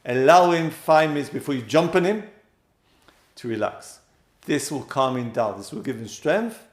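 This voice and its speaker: A man's voice: mid-range voice, lively intonation, normal speed. A man giving a spoken lesson on marriage, emphatic and direct, often repeating his key points to listeners. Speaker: teacher giving marriage guidance. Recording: roomy echo.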